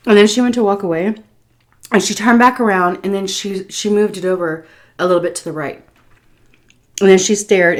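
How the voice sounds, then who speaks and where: A woman food vlogger telling a story while she eats, animated, with swearing and laughter. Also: fairly low pitch. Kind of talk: story time while eating.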